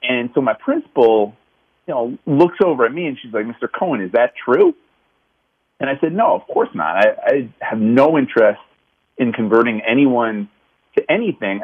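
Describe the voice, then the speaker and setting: A man's voice: medium pitch, phone-quality sound. A man, a city councilman, earnestly recounting a memory from his teaching days in a reflective conversational way. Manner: reflective, earnest, many restarts. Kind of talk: personal storytelling in conversation.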